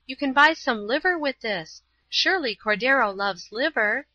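A woman reading a storybook, voicing a kind, pious young woman who speaks earnestly and pleads gently. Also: a little high, lively intonation, normal speed, dry recording, dull audio, pitched above the performer's own voice. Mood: earnest, pleading.

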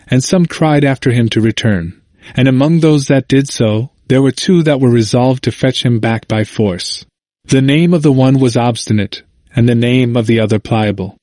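A man narrates an old allegory in a measured, steady way. His voice sits at a middle pitch. The recording is dry and close, with no room sound. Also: no echo. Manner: measured, even storytelling.

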